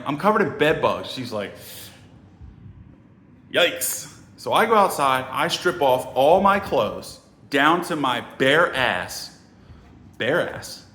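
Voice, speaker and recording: A middle-aged man telling a story in a bright, forceful voice. He is lively and profane and acts out the other people's lines. The room is echoey. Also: mid-range voice. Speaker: sales trainer telling a story. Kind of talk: casual storytelling.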